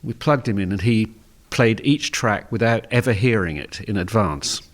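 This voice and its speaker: An older man from England talks in a relaxed, low-pitched voice, recalling a story in a radio studio. He laughs easily between his sentences. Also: moderate pace. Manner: laughs often while telling stories. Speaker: guest musician.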